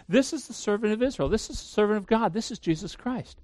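A man's voice: sits high, expressive, fast, hardly any pauses, a little mellow, no echo, studio quality. A man preaching a sermon as pastor, emphatic, asking the listeners questions and answering them himself.

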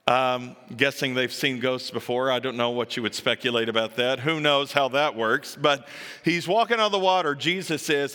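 A pastor preaches a sermon to his church, telling a story with animated, acted-out voices and building to emphatic peaks. His voice is mid-range, and the sound is that of a big room.

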